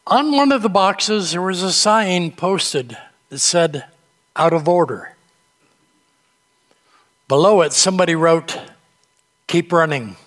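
Man, pastor, church sermon, slow and deliberate, slightly high voice, gently humorous storytelling. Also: lively intonation, big-room sound. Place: church sanctuary.

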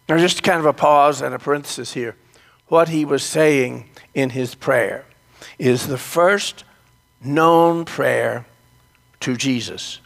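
A male preacher tells a story at an unhurried pace and speaks directly to his listeners. His voice has a gravelly edge and sits a little high for a man. A long reverb hangs behind him in the church. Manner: storytelling, addresses the congregation directly. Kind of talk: sermon.

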